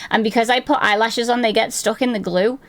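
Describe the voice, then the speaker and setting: A woman in her twenties streams from home, her slightly high voice fairly even and quick in a dry recording. She chats casually, reads chat messages aloud, swears freely, pokes fun at herself, and laughs easily.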